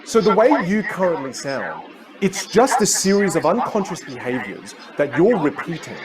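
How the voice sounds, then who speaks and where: A man speaking as a communication coach in a live talk, energetic, emphatic and playful. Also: on the high side, normal speed. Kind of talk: live motivational talk on stage. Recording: live stage with loud crowd and noise.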